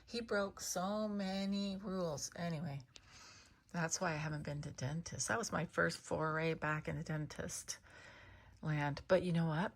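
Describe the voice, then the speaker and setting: Gravelly low-voiced woman rambling casually. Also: fairly even intonation, a little slow, slight background noise. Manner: chatty and meandering, with restarts and hushed asides. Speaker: vlogger talking to her cat.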